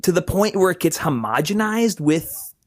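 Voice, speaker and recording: A man co-hosting a podcast in casual discussion, animated and often laughing, swearing freely as he talks. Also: high voice, moderate pace. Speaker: podcast co-host and game developer.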